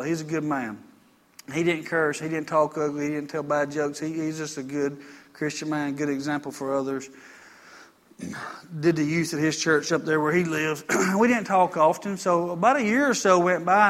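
A man preaches from the pulpit, his voice pitched high and ringing bright. He talks folksy and plain, circling back on his phrases and slipping into homespun stories. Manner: folksy, repetitive, storytelling. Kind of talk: conversational sermon. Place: church.

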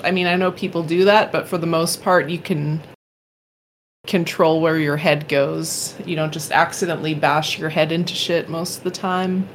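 A woman's voice: on the low side, steady tone, moderate pace, a little hiss or hum. A woman co-hosting a casual podcast, chatty and opinionated, often laughing. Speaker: podcast co-host. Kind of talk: casual chat.

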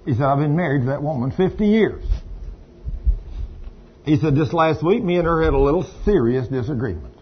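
Man, preaching, folksy storyteller, highish voice, muffled lo-fi recording. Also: animated, a little fast, pauses often, slightly rough. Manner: folksy, storytelling with laughs and asides to the congregation. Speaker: pastor. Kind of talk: sermon. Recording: dull lo-fi sound with faint ambience.

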